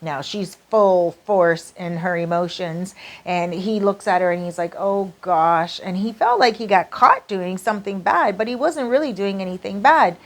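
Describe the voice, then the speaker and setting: A woman's voice: medium pitch, lively intonation, moderate pace, few pauses. A woman narrating a relationship story in a casual storytime style, chatty and full of fillers. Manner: chatty, lots of "like" and "you know".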